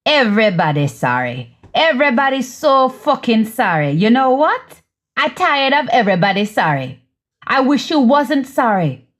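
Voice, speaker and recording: A woman voicing a hurt, sharp-tongued young woman who curses and bites back with sarcasm. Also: a little high, big pitch swings, normal speed. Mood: furious. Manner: cursing, biting, sarcastic.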